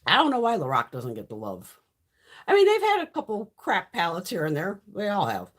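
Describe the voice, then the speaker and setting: A woman's voice: on the low side, huge pitch swings, brisk. A woman hosting a casual beauty livestream, giving blunt, heavily profane opinions in a chatty, rambling way. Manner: chatty, rambling with frequent restarts. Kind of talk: casual livestream chat, reading viewer comments.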